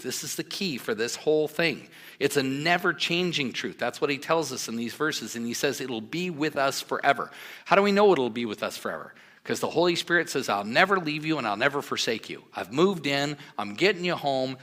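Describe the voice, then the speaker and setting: A man's voice: mid-range voice, bright, forceful tone. A man preaching a sermon, earnest and emphatic, with conversational asides to the congregation. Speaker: pastor.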